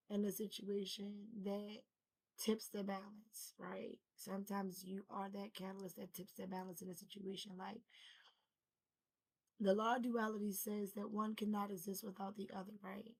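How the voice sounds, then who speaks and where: Flat-voiced woman musing casually. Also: medium pitch, unhurried, gravelly, poor audio. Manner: rambling, loose and conversational, addresses viewers as y'all. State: feeling unwell. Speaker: spiritual vlogger. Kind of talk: casual spiritual talk to camera.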